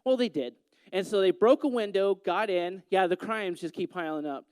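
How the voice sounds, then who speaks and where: A man speaks to a gathering in a high, smooth voice, telling a story with a joking, teasing touch. The sound is close and dry. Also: normal speed, darkish tone, no echo. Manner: playful, teasing the audience. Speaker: youth speaker.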